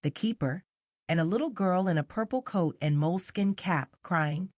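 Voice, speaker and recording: A woman with a low-pitched voice reads a classic novel as scripted narration. Her delivery is measured and even. The recording is dry and close, with no room sound. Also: no room sound. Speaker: audiobook narrator.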